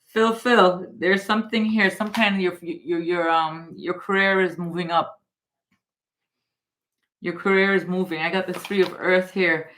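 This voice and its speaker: A Guyanese woman does a live tarot reading, a little slowly, calling the listener darling and baby and repeating their name. Her voice moves between excited high exclamations and low, hushed advice.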